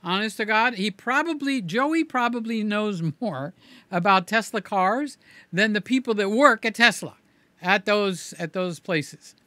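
Bright-voiced chatty livestream host, man. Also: high voice, a little slow, dry recording. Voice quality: slurs his words. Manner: rambling, chatty, repeats himself. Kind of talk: casual livestream chat, reading viewer comments.

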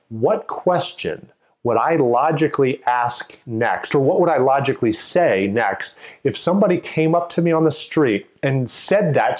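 A man at a middle pitch talking through a test-prep lesson. He keeps it casual and chatty and voices little imagined street conversations to make his point. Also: darkish tone. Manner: conversational, acts out quoted exchanges. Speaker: GMAT tutor.

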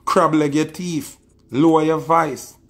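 A man's voice: on the high side, fairly even intonation, slow, faint music behind. A man with a Jamaican accent delivering a scornful, taunting diss rant, repeating his insults. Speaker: social media personality. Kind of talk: ranting diss video.

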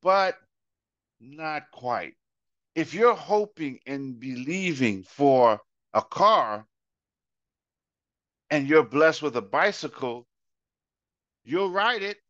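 A man preaching a casual Bible study with a bright, forceful voice, acting out little scenes and repeating lines for emphasis. The sound is dry and a bit dull. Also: a little high, animated, slow, pauses often, no room sound. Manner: illustrates with acted-out examples and repetition. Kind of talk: conversational sermon.

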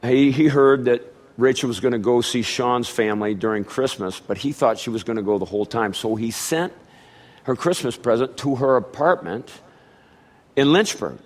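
With a mid-range voice, a middle-aged pastor preaching a sermon shares a family story and animatedly impersonates his relatives along the way.

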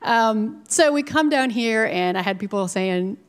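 A woman in her forties from Minnesota, a TV news anchor telling her personal story to a live audience, lively with asides. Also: a little high, a little slow. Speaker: TV news anchor speaking at a startup event. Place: event venue. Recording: live talk with long hall reverb.

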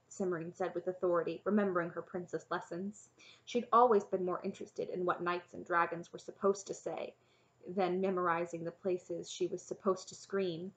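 A woman's voice: on the low side, steady tone, normal speed, fairly bright tone, muffled recording. Woman reading a storybook aloud. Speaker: audiobook narrator. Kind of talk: storybook narration.

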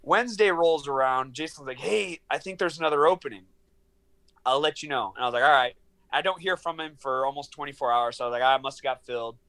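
A man in his thirties on a video call from his small studio apartment, telling a long story in an animated, profane way and acting out the dialogue. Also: mid-range voice, quick pace. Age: 30s. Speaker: guest, professional fighter. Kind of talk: casual storytelling interview.

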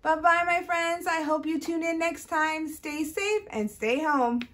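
Children's librarian, woman, high bouncy sing-song delivery, unhurried, alternating English and Spanish for toddlers. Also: a bit bright. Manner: switches between English and Spanish. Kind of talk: bilingual storytime reading and singing.

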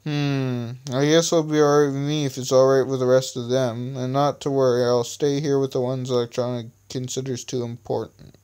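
A man voicing an excitable young female time traveler in a homemade story reading. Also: medium pitch, clear, resonant tone, natural voice. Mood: excited. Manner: eager, quick to get excited.

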